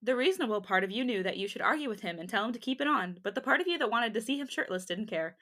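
A woman's voice: a little high, animated, rapid-fire, sharp tone. A young woman co-hosting a podcast, reading fanfiction aloud with jokey asides and frequent laughter. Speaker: podcast co-host.

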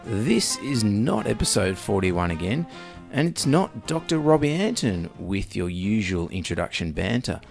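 A man's voice: lowish voice, sing-song, measured pace, gravelly, soft background music. A man with an Australian accent, a veterinarian hosting his podcast, reading a scripted intro with a dry, joking tone.

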